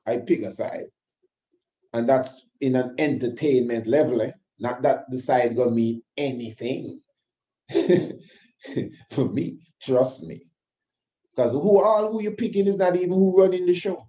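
A man's voice: fairly high pitch, warm tone. A man delivering an impassioned monologue, emphatic and repetitive, firing rhetorical questions. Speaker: host of his own channel.

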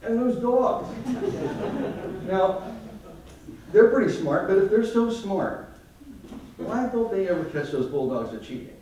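A man's voice: high voice, animated, unhurried, pauses often, mellow, a little hiss or hum. A man giving a humorous stage talk as a photographer, wry and self-deprecating, in front of a live audience. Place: large hall before a live audience. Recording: echoey hall, mic from far off.

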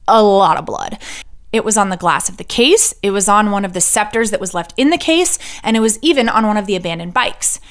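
A woman's voice: medium pitch, lively intonation, a little fast. A woman hosting a true crime podcast, telling the story with sarcastic asides and the odd whispered joke. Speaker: podcast host.

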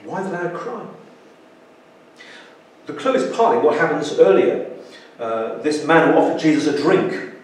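A man's voice: on the high side, sing-song, measured pace, pauses often. A man preaching a sermon in a church, earnest, with frequent restarts and sudden emphatic exclamations. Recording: echoey church hall, distant mic.

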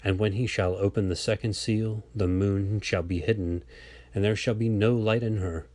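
A man reading an old religious text aloud in a slow, measured, solemn way, now and then stumbling over a word. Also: on the low side, steady tone, darkish tone, dry recording. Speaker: reader.

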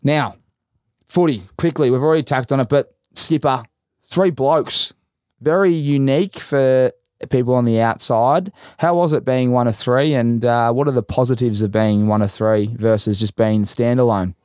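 Animated Australian man swearing freely. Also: mid-range voice, moderate pace, dry recording, studio quality. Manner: animated, profane storytelling. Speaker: podcast host. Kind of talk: casual interview chat.

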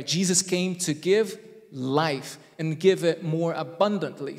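Man preaching in a reverberant church hall. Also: sits high. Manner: conversational, self-deprecating asides; deliberate, emphatic phrasing. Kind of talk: sermon.

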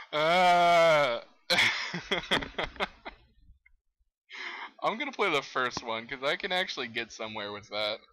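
A young man commenting on a game he is playing, excitable, exclaiming and laughing at what happens on screen. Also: mid-range voice, low-quality recording. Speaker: gamer. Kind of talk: let's play commentary.

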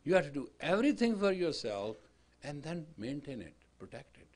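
A man teaching a spiritual class, emphatic, swinging from quiet lines to loud declarations, telling stories with quoted dialogue. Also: a little high, big pitch swings, moderate pace. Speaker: yoga teacher. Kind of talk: spiritual lecture. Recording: 1980s class recording.

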